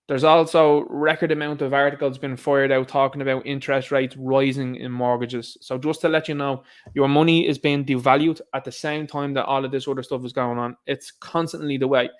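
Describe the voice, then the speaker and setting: Irish male livestream host, mid-pitched, emphatic opinion talk aimed at the viewers. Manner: emphatic, ranting, talks straight to viewers. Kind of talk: opinionated livestream commentary reading viewer chat.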